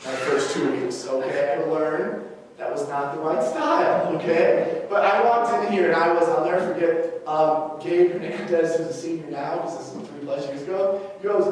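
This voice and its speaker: A young adult male teacher giving a personal talk to colleagues, telling stories with lively acted-out dialogue and frequent "okay?" check-ins. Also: a little high, normal speed. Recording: echoey hall from far off, faint noise.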